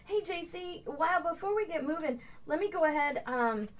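A woman hosting a casual talk show, upbeat and quick to laugh as she reads out viewers' hometowns. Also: very high voice, expressive, a little hiss or hum. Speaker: show host. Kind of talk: casual morning show chat. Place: home studio set.

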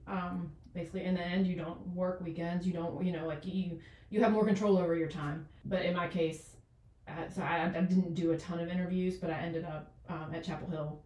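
A woman's voice: on the low side, fairly even intonation, a little fast, a little mellow, recorded from a distance. A woman in her forties, a doctor, chatting casually as an interview guest, talking in loose runs full of fillers and restarts. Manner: rambling, many fillers and restarts. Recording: echoey room, off the mic.

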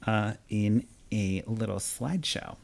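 A man hosting a podcast, chatting casually in a quick, animated way. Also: lowish voice, creaky, background noise. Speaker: podcast host. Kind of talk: casual chat.

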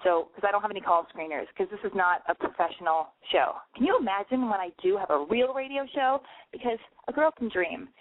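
Through a dry, narrow, phone-like sound, a young woman runs her own homemade call-in advice show as a rambling, profane, self-mocking monologue. Her mid-range voice is slightly fast and a bit nasal from smoking.

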